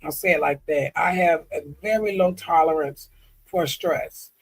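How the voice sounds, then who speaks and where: A man speaks in a personal vlog with a husky, breathy edge and a grainy, fry-laden texture. He confides earnestly, pausing often with ums and restarts as he reads through comments. His voice sits high for a man. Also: rough recording. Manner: halting, with frequent ums and restarts. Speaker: vlogger. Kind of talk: candid personal vlog, reading comments aloud.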